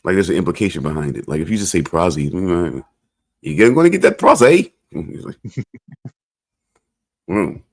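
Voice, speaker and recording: A man's voice: deep voice, expressive, normal speed, long pauses, darkish tone. A man co-hosting a podcast in casual, rambling chat, joking and hedging his points. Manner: rambling, joking, repeats "I'm just saying". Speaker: podcast co-host.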